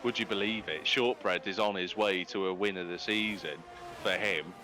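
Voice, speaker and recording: A man giving live commentary on an online racing league, his voice rising high and animated as he calls out finishing positions. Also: normal speed, faint music behind. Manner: excitable, jumps high when calling positions. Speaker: race commentator. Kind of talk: live esports race commentary.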